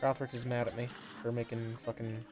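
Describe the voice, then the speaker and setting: A man's voice: mid-range voice, level tone, a little fast, over music. A man giving casual, rambling commentary while streaming a game, laughing often and poking fun at himself.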